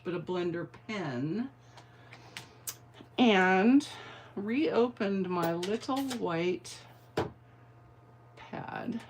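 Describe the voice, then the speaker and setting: A middle-aged woman giving a card-making tutorial, chatty and playful, with rambling asides. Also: lowish voice. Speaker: craft demonstrator.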